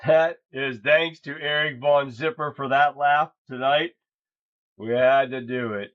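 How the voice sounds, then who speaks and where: A man's voice: medium pitch, steady tone, a little slow. A man hosting a livestream, chatting casually and in a folksy way, addressing his viewers as guys. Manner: folksy, keeps calling the audience "guys". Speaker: host. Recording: dull lo-fi sound.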